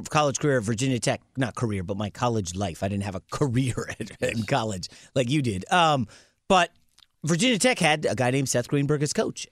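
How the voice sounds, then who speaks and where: A man's voice: mid-range voice, no echo, clean studio sound. A man co-hosting a sports radio show, talking eagerly and gushing about a player, then apologizing for getting carried away. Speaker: radio co-host. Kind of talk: casual sports radio talk.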